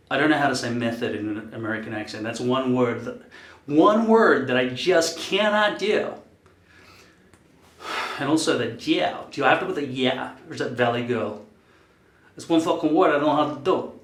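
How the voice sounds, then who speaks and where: A man's voice: medium pitch, quick pace. A man in his fifties rambling casually to camera, musing aloud and swearing freely. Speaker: vlogger. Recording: echoey room.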